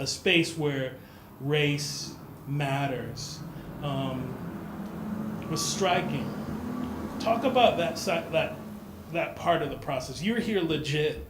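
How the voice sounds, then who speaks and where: A male moderator puts long, winding questions to a panelist, pausing on ums and restarting phrases. His fairly high voice carries the roomy sound of a hall, with faint noise underneath. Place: event hall at a book festival panel.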